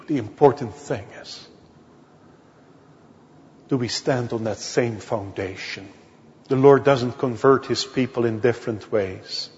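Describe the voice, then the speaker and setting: A male minister from the Netherlands, preaching a sermon in slow, deliberate storytelling that leans on key words. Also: medium pitch, darkish tone. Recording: dull audio with long hall reverb.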